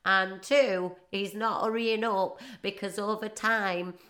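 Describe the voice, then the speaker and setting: A woman's voice: medium pitch, fairly even intonation, takes it slowly, a bit bright. A woman in her forties with a Northeast English accent, rambling through a jokey casual monologue and laughing often. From northeast England. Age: 40s.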